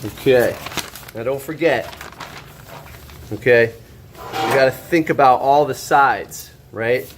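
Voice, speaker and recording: A man teaching a high school shop class, walking students through a drawing step by step, checking in often and joking with them. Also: slow, long pauses, noisy background. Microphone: camera held by a student.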